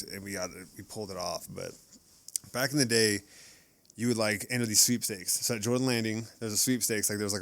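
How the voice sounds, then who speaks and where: A young man, a podcast guest, telling stories in a casual chat, animated and laughing often as he acts out quoted voices. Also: on the low side, no echo.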